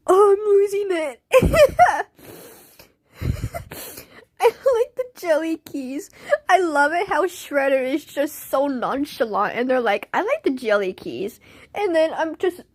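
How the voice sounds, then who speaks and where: A woman's voice: high voice, no echo, clean studio sound. A young woman chatting on a livestream, laughing constantly in a giggly, silly way. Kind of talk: casual livestream chat.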